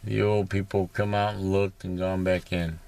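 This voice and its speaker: A man's voice: low-pitched, level tone, normal speed, creaky, a little mellow. A man rambling in a casual monologue from inside his parked vehicle, profane and sarcastic, with many fillers. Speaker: vlogger.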